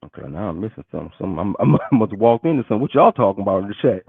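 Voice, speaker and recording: A man's voice: on the low side, very animated, racing, gravelly, husky, dry recording. Insistent man on dull lo-fi audio. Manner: insistent, keeps repeating his question. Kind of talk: casual banter.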